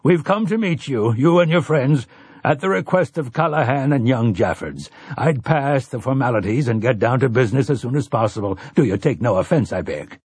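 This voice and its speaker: A man's voice: medium pitch, expressive, moderate pace, a little mellow, breathy edge, dry recording, voice pushed up. A man voicing a brusque, pushy middle-aged farmer who cuts others off to get down to business. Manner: blunt, interrupting, businesslike.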